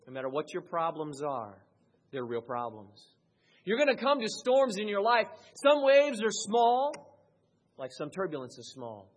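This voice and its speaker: Male pastor mid-sermon; husky, rises to loud high peaks and drops low and quiet. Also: sing-song, moderate pace.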